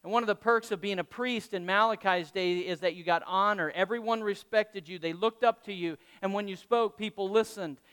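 A man's voice: high-pitched, fairly quick, few pauses, fairly bright tone, clean tone, big-room sound. A male pastor preaching a sermon to his congregation, talking conversationally and tossing questions to the room. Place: church hall with congregation.

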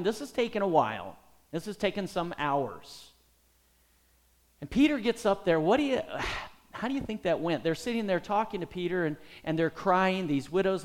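A middle-aged man preaching a sermon as pastor, animated and putting many questions to his listeners. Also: on the high side.

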